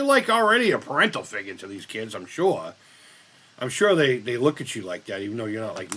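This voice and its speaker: A man's voice: mid-range voice, fairly bright tone, slightly rough. A man in his fifties hosting a casual live-stream chat, rambling, blunt and profane as he reads the chat. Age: 50s.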